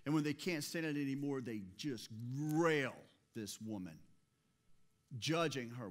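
A man's voice: mid-range voice, unhurried. A man preaching a sermon in a conversational way, often asking the listeners rhetorical questions. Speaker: pastor.

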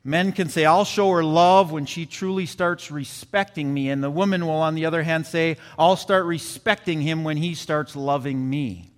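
A man delivering a Sunday sermon with earnest conviction, returning to his points and calling out to the men in the pews. His voice sits a bit high for a man. It rings through a church with long reverb. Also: moderate pace, few pauses. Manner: earnest preaching with repeated phrases and audience asides. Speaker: pastor. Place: church sanctuary.

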